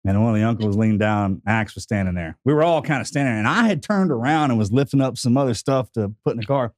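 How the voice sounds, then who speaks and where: Lively man acting out a family story. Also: medium pitch, fast, dry recording, studio quality. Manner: animated storyteller acting out voices. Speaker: podcast co-host. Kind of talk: casual chat.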